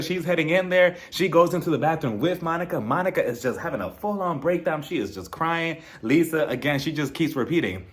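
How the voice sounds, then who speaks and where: A man's voice: a little fast, few pauses. A man giving a casual, gossipy recap of a reality TV episode, laughing often and acting out what the cast said. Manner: gossipy, animated, laughs often and acts out quoted lines in high or low voices.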